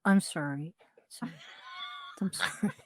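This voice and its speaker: A middle-aged woman co-hosting a podcast, talking wryly with casual swearing and quick laughter. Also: lowish voice, no echo, clean studio sound. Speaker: podcast co-host. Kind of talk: casual chat between friends.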